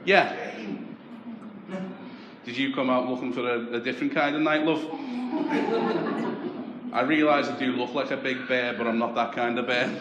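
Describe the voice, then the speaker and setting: A man's voice: medium pitch, fairly even intonation, moderate pace, pauses often, lo-fi sound. A man doing a brash, sweary stand-up comedy set in a club. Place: comedy club with a live audience. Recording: roomy club with audience noise.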